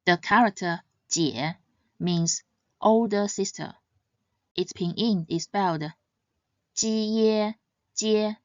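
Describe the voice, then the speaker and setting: A woman teaching pronunciation in a scripted lesson, speaking slowly and carefully and stressing each example sound. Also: lowish voice, no room sound, highs cut off. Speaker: language teacher.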